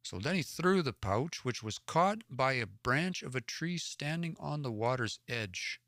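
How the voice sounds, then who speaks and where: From the Edmonton area of Alberta, Canada, this livestream host reads a Cree story aloud, translating it word by word and sounding out words he's unsure of. His mid-range voice has lively intonation and a fairly bright tone, a little slow, captured in clean studio sound with no echo.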